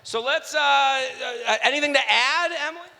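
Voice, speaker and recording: A man in his thirties co-hosting a live comedy podcast, loud and crude, laughing often. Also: very high voice, moderate pace, creaky. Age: 30s. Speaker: podcast co-host. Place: theater stage before a live audience. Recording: reverberant live venue, faint noise.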